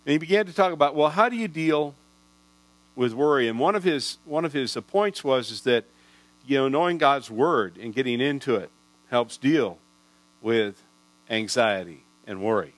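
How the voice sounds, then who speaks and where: A pastor in his sixties tells stories in a sermon, folksy and rambling, frequently starting his sentences over. His mid-range voice is animated and moves at a moderate pace. The low-quality recording is dry with no room sound, but mains hum runs underneath.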